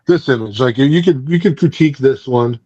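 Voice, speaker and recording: A man's voice: medium pitch, a little fast, dark tone, no echo, highs cut off. A man hosting a book club podcast, casually recapping and reviewing a comic in a rambling way, with many fillers and restarts.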